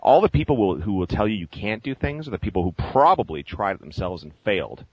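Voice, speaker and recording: A man with a low, deep voice spins a rambling story on a strength-talk show, full of "you know"s and restarts. His speech sounds close and dry, with no room around it. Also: very animated, fast talker, darkish tone, husky, dry recording, highs cut off. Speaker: co-host. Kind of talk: casual podcast chat.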